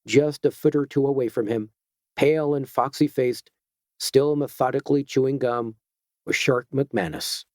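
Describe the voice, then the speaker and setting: In a clean, dry studio recording, a male narrator reads an audiobook script. He keeps a steady, measured storytelling tone at a mid-range pitch.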